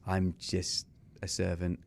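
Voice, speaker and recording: Slow and monotone, with vocal fry in a low register, this middle-aged Englishman tells his story on a podcast as a guest. He's a small business owner from England with an English accent, earnest and confessional in the interview, voicing the dialogue he recalls.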